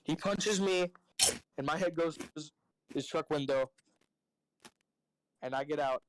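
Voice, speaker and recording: A man's voice: fairly high pitch, measured pace, background noise. A man streaming a game, telling a rambling story to friends in casual, profane speech full of fillers. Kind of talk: casual storytelling while gaming.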